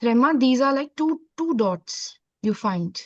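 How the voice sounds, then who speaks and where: A woman's voice: high-pitched, expressive, unhurried, dry recording. A woman teaching a French lesson, explaining step by step and mixing Hindi with English. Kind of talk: online class lesson. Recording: dull, dry, lo-fi audio.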